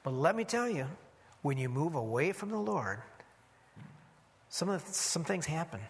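A man preaching a sermon as pastor, emphatic, dropping low and quiet for warnings and calling on the congregation to answer back. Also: very animated, normal speed, breathy edge, long reverb tail.

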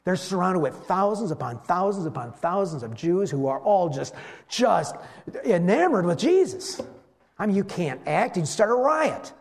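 A male preacher delivering a sermon with a fairly high voice that rises and falls all over the place. He tells the story in an animated way and jumps into the voices of the people in it, shouting their lines. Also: normal speed, vocal fry. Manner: animated storytelling, acts out voices of biblical figures.

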